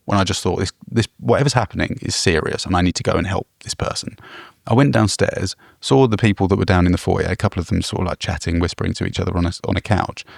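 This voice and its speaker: A man's voice: low-pitched, creaky, a little mellow, no room sound, clean studio sound. A man co-hosting a travel podcast, telling a story animatedly and laughing often. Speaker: podcast co-host. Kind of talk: casual chat.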